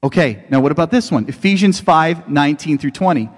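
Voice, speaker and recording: A man with a high, light voice preaches a sermon in a large hall that rings with long reverb. He talks conversationally, telling stories, then climbs into fervent, ringing exclamations. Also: expressive, fairly quick. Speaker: pastor.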